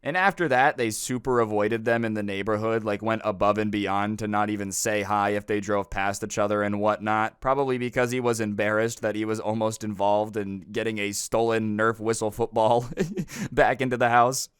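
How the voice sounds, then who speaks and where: A man's voice: lowish voice, steady tone, normal speed, clear, resonant tone, no echo, studio quality. Chatty young man telling stories. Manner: chatty, incredulous asides. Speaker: storytime YouTuber. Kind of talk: casual storytime narration.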